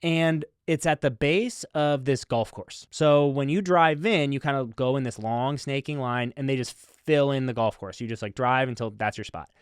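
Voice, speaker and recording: A man hosting a comedy podcast, telling a rambling story with deadpan, mock-serious asides. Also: mid-range voice, moderate pace, hardly any pauses, clean tone, no room sound, studio quality. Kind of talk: comic storytelling.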